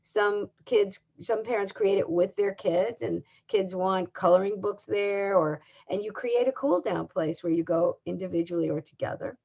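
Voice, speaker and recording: An older woman giving a recorded talk as a parenting educator, speaking in a calm, measured and instructive way. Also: medium pitch, creaky. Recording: dull lo-fi sound.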